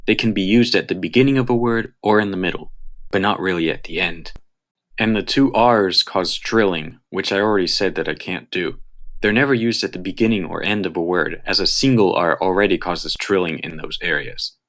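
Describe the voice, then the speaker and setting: A man with an American accent, reading a prepared language explainer in a careful, measured way. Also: low voice, fairly bright tone. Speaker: channel host. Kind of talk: scripted explanatory narration.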